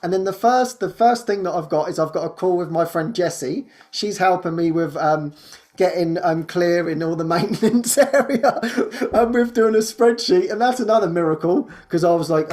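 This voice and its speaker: A man's voice: on the high side, fairly even intonation, a little mellow. Male podcast host, casual spiritual chat, stumbles and repeats words, frequent laughs. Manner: halting, repeats words and restarts often; laughs often while talking.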